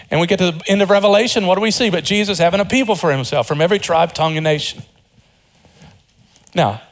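A man preaching a sermon as pastor, earnest, rising to high emphatic peaks and dropping low and quiet, with informal joking asides.

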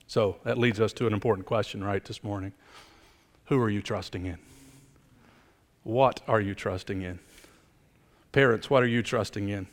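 A middle-aged man preaching a sermon as pastor, swinging from emphatic rises down to quiet, low appeals. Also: fairly even intonation, moderate pace, pauses often. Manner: emphatic preaching, building up and then dropping low. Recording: long hall reverb.

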